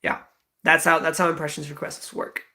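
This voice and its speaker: Young man, twenties, livestream host, rambling casual chat, giggly, gravelly fry. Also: fairly high pitch, little pitch movement, moderate pace, sharp tone. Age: 20s. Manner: rambling, giggly, lots of fillers.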